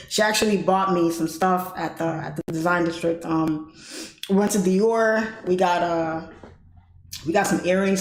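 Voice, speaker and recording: A woman's voice: on the low side, a little hiss or hum. Chatty laughing woman telling a story. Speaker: trading livestream host. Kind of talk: casual storytelling. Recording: roomy echo.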